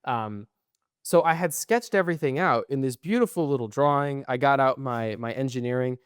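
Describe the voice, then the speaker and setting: A man's voice: mid-range voice, moderate pace, smooth, no room sound, clean studio sound. Tired young man telling rambling stories. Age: young adult. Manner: rambling, profane storytelling, trailing off quietly. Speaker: podcast co-host. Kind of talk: casual chat.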